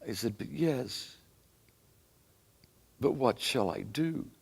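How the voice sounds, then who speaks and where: A man's voice: mid-range voice, expressive, takes it slowly, creaky, darkish tone, husky, heavily acted. A man performing a dramatic first-person monologue as a remorseful Roman centurion, telling his story earnestly and solemnly.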